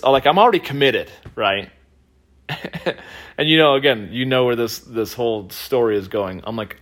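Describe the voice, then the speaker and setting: A man hosting a podcast, telling a personal story in a loose, animated way, laughing often and using lots of fillers. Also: medium pitch, a little slow. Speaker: podcast host. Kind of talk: casual storytelling.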